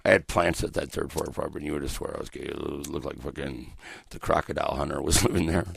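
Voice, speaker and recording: A man's voice: rumbling low, steady tone, fast talker, vocal fry, breathy edge, no echo. A middle-aged man hosting a morning radio show from a small studio, rambling through stories full of swearing and laughing at his own jokes. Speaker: radio host. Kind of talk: profane casual morning radio banter. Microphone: studio microphone.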